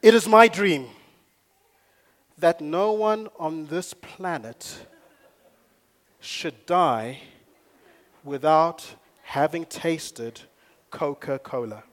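A stately old-time American businessman declaiming his dream in a put-on American accent, played by a man. The voice sits fairly high and rings out loud and slow. Every word lands with grand earnestness. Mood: grandiose.

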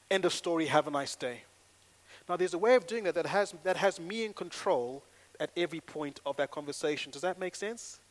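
A male pastor preaching a sermon in an animated way, acting out little dialogues and swinging between loud and hushed delivery. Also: fairly high pitch, a little fast.

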